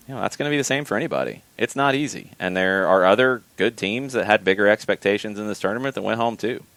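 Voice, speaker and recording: A man hosting a soccer podcast, giving measured, opinionated commentary and often repeating words as he thinks. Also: on the low side, fairly bright tone, dry recording.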